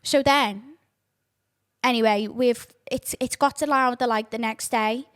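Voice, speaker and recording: A young woman, hosting a casual podcast, oversharing and swearing freely in animated outbursts. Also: a little high, unhurried. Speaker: podcast host. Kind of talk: casual chat.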